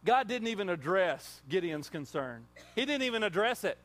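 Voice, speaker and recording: A pastor preaching a sermon in an animated way, full of rhetorical questions. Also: male voice, high voice, moderate pace.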